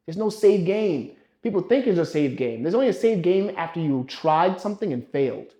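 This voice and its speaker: A young man giving a blunt, swearing motivational rant as a fitness vlogger, scolding the viewer and swinging from low muttering to loud pushing. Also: very animated, brisk.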